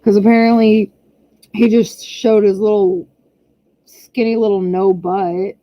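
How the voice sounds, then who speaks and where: A woman's voice: medium pitch, little pitch movement, unhurried. A woman hosting a casual livestream from home, talking in a chatty, exasperated way about her kids. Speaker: channel host. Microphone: camera pointed down. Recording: slightly muffled lo-fi audio.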